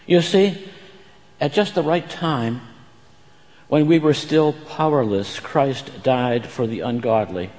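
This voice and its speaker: A man preaching a sermon and reading scripture in a measured, earnest way in a church. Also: medium pitch, a little mellow. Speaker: pastor. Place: church sanctuary. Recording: long church-hall reverb.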